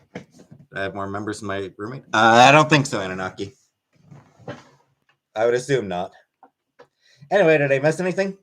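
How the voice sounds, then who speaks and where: A man's voice: mid-range voice, lively intonation, a little fast, long pauses, a bit bright, a little hiss or hum. A man hosts a laid-back livestream from his home, reading out chat messages and thanking viewers one by one. His voice swings up and down a lot as he talks, and he rambles loosely from one comment to the next. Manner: rambling, thanks chatters by name, baby-talks to his pet. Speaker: livestream host.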